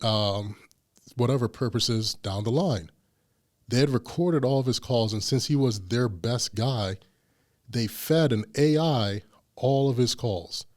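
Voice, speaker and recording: A man hosting a casual podcast chat, telling stories and acting out the voices of the people in them. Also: mid-range voice. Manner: animated storyteller, acts out quoted voices. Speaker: podcast host.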